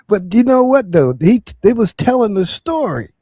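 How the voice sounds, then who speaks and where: Lively, mellow-toned male panelist. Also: high-pitched, no echo. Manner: animated storyteller. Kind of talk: casual panel chat.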